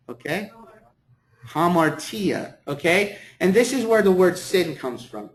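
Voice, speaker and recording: A man's voice: sits high, very animated, unhurried. A man teaching a classroom lecture, encouraging students and repeating words for them. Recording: echoey classroom.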